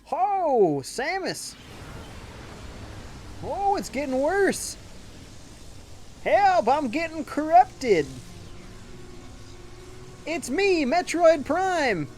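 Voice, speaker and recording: A man putting on a shrill, frantic voice for a corrupted creature crying for help. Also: big pitch swings, extremely slow, long pauses, a little mellow, slight background noise, heavily acted. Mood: panicked. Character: panicking squealing corrupted creature, male.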